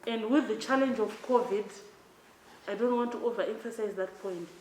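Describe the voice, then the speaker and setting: A woman from Zimbabwe, a development bank official giving a measured, emphatic formal speech. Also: fairly high pitch, a little mellow, slight background noise. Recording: echoey hall with faint ambience.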